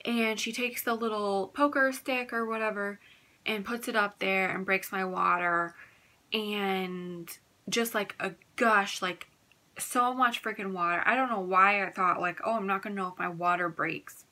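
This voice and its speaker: A young woman recounts a personal story for her vlog in a loose, candid ramble, peppering her speech with "like". Her voice is bright and forward, sitting at an ordinary middle pitch. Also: a little slow. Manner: chatty, candid, fills talk with "like". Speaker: vlogger.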